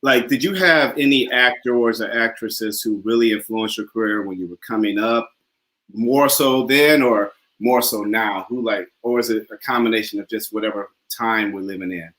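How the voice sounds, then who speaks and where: A man's voice: lowish voice, normal speed, a bit bright. A man hosting a talk show interview, easygoing and repeating his words as he asks questions. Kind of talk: casual interview chat.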